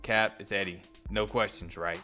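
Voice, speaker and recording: Brief: a grim, determined antihero, low and forceful, as a man plays him. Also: fairly even intonation, moderate pace, soft background music. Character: troubled grim adult man, hero host. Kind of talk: comic recap voice acting.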